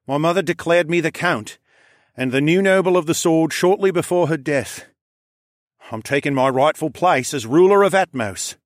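A man's voice: fairly high pitch, normal speed, no echo, clean studio sound, pitched above the performer's own voice, natural voice. Man playing a defiant young count. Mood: proud. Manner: firm, defiant, commanding. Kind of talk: audiobook character voice.

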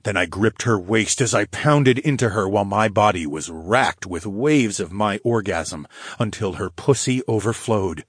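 Husky low-voiced male audiobook narrator. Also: unhurried, dry recording, clean studio sound. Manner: steady, low growling delivery. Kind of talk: first-person fantasy audiobook narration.

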